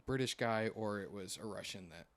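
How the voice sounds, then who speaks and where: A young man with a slightly low voice hosts a relaxed podcast conversation. He rambles along, hedging and filling gaps with "like" and "um" as he works through his notes. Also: fairly quick. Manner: rambling, hesitant, lots of fillers. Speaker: podcast host. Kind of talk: casual chat.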